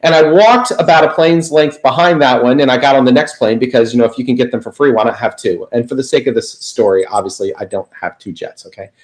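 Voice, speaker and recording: A man on a video call, a guest telling an animated story in a casual interview. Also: mid-range voice, fast talker, hardly any pauses, reverberant, rough recording. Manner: animated anecdote teller, lively quoted voices. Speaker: guest speaker.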